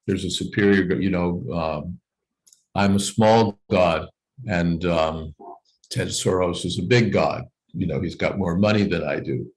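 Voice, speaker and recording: Low-voiced male teacher explaining scripture on a video call, unhurried and thoughtful. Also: rough recording. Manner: thoughtful, explains slowly with "you know" asides. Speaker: teacher leading a scripture reading class. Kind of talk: explanatory class discussion.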